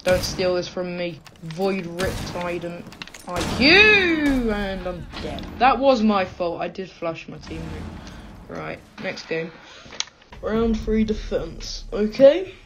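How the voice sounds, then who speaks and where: A woman with a British accent giving excitable, self-mocking gameplay commentary. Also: on the low side, slow pace, noisy background. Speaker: gaming channel host.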